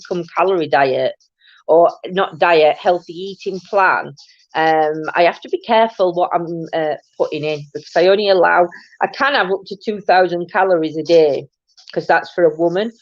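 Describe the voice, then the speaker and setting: A woman's voice: fairly low pitch, moderate pace, dry recording, lo-fi sound. Chatty woman hosting a live stream. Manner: rambling, chatty, greets viewers warmly by name. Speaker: host of a live morning chat stream. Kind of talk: casual live chat with viewers. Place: at home, indoors.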